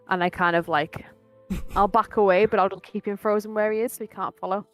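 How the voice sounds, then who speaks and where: A woman's voice: mid-range voice, fairly even intonation, a little fast, faint music behind. A woman playing in a tabletop game, stating her character's actions in a casual, decisive way. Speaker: player.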